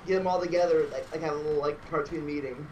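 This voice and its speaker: A man co-hosting a casual gaming podcast, musing aloud in halting, restarting phrases. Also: on the high side, steady tone, darkish tone, recorded from a distance, slight background noise, rough recording.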